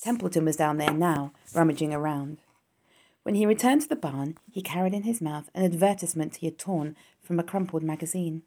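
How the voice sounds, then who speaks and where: Calm woman reading a children's story. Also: low-pitched, fairly quick. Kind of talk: audiobook reading of a children's novel.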